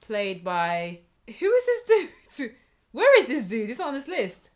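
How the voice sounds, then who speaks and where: A British woman co-hosting a podcast in casual chat, quick to laugh and joke. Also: on the high side, wildly swooping pitch, a little mellow. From Britain. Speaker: podcast co-host.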